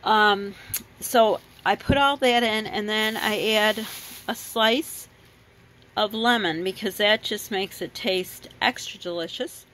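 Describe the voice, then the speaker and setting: This grocery-haul vlogger, raised abroad, takes it slowly as she chats about her fruit and vegetables in her home kitchen, full of ums and corrections. Her voice is mid-range with a fairly bright tone, and the rough recording has slight background noise.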